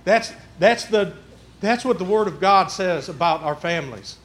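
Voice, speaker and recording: A man's voice: high voice, lively intonation, moderate pace, fairly bright tone. A man preaching a sermon, folksy and conversational, with a church's roomy echo. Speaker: pastor. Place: church sanctuary.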